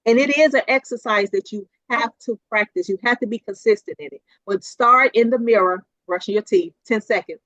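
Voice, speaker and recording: A woman giving a motivational keynote talk over a video call, lively, laughing often and repeating points for emphasis. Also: a little high, a little fast, hardly any pauses, no echo, lo-fi sound. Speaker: keynote speaker.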